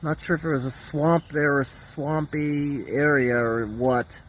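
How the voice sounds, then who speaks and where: A man's voice: fairly even intonation, unhurried. A man with a New Jersey accent narrating a casual, rambling driving vlog. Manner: rambling, talks to a cat in a high coo. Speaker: vlogger.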